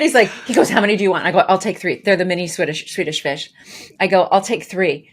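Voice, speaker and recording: A woman co-hosting a podcast, casually telling a story with lively, acted-out quotes. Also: fairly low pitch, normal speed, husky. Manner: animated, acts out quoted dialogue with voices. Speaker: podcast co-host.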